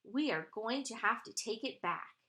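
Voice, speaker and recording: A woman's voice: fairly high pitch, lively intonation, moderate pace, sharp tone. A woman reading as a firm father.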